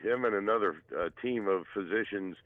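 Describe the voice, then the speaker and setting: Male caller, tired, hesitant, lots of uh, very low voice, dry, muffled lo-fi line. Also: fairly quick, no room sound.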